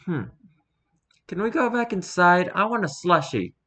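A man's voice: high-pitched, animated, unhurried, pushed and bright, heavily acted. A man doing a pleading little girl. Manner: childlike, pleading, small and breathy. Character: sweet little girl lost at a theme park.

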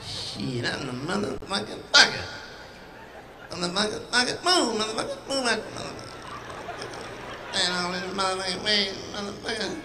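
Loud, profane stand-up comic working the crowd. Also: male voice, high voice, expressive, moderate pace. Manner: profane, loud, teasing the audience. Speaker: stand-up comedian. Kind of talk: crowd work in live stand-up. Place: large comedy venue with live audience. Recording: echoey live hall with room noise.

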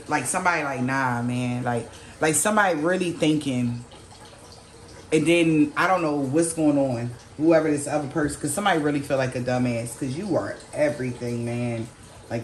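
A woman reads tarot cards in a casual, streetwise way, dropping swear words and acting out imagined reactions. Her voice sits low. The room rings with echo and a faint hiss underneath. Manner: slangy, swears, quotes people in lowered voice. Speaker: tarot reader.

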